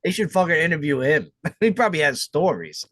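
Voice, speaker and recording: A man's voice: on the high side, big pitch swings, brisk, fairly bright tone, no echo. A man co-hosting a podcast, trading crude jokes with a lot of swearing and laughter. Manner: profane, laughing, joking. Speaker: podcast co-host. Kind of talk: crude casual banter.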